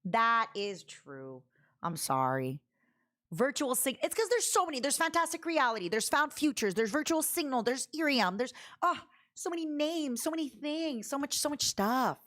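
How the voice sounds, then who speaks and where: Animated woman streamer, chatty and laughing, pitch all over the place. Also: moderate pace. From Canada. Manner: chatty, animated, laughs often, reads chat aloud. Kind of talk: casual livestream chat.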